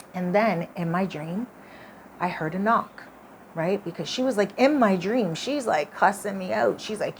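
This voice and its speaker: A woman's voice: fairly low pitch, a little hiss or hum. A woman vlogger telling a personal story in a chatty, casual way, full of "like" and "you know".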